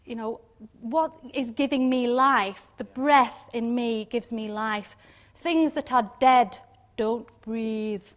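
Woman, informal Bible teacher, slightly high-pitched, chatty with frequent tag questions. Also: takes it slowly, few pauses. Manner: chatty, laughs often, many tag questions. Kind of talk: informal devotional talk.

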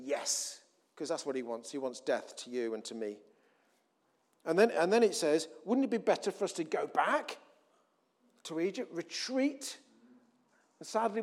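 A man preaching a sermon in a conversational way, often restarting, swinging between loud emphasis and quiet asides. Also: sits high.

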